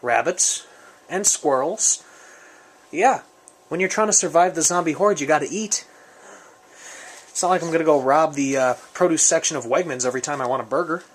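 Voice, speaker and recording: A man's voice: on the high side, normal speed, pauses often. A man casually reviewing his survival gear on camera, rambling and joking in an off-the-cuff way. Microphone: camera mic, speaker off-frame.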